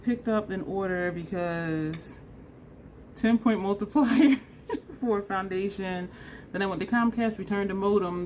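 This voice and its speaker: A woman's voice: mid-range voice, darkish tone, slight background noise. A woman chatting casually in a makeup vlog at home, laughing and trailing off mid-sentence. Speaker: beauty vlogger.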